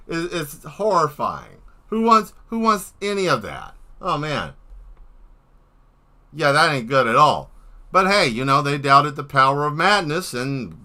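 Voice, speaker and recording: Lively, sharp-voiced man rambling on stream. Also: mid-range voice. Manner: rambling and playful, with bursts of excitement. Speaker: artist hosting a live stream. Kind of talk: casual live-stream chat while showing artwork.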